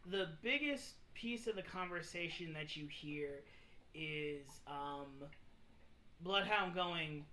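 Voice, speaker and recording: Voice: medium pitch, lively intonation, takes it slowly, sharp tone. A game master casually narrating a tabletop role-playing session.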